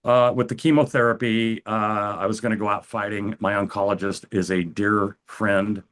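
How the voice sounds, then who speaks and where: An older American man, an interview guest, telling his personal story calmly, often stopping and restarting his sentences. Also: lowish voice. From United States. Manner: calm, halting, with frequent restarts.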